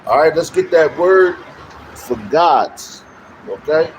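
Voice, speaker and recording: A man preaching on the street, emphatic and repetitive, with loud bursts. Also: a little high, slow pace, a little hiss or hum, rough recording. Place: outdoors on a street.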